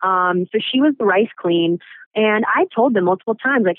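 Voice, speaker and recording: A woman's voice: mid-range voice, moderate pace, no room sound. Blunt, sarcastic woman guest, dry and tinny phone-line sound. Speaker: voted-out contestant guest. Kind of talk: phone interview. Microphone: telephone.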